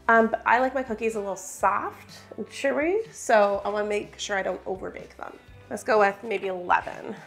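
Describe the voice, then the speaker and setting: A woman's voice: on the high side, a bit bright. A woman hosting a home baking video, chatting along in an upbeat, thinking-aloud way in her kitchen. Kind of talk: casual baking vlog chat.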